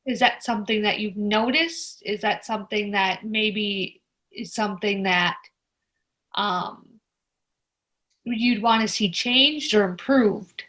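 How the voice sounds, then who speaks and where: A woman's voice: medium pitch, slow pace, a bit bright. A woman hosting an interview over a video call, asking long, searching questions of her guests. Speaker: interview host.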